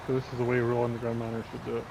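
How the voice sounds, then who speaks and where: A man's voice: medium pitch, completely flat delivery, very fast, creaky, noisy background. A man chatting casually with friends while playing, practical and focused on planning the work. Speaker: co-player. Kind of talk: casual multiplayer game chat.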